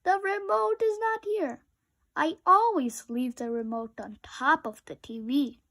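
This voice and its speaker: Brief: woman voicing excitable young male rabbit, storybook, high, slow and fretful. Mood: panicked.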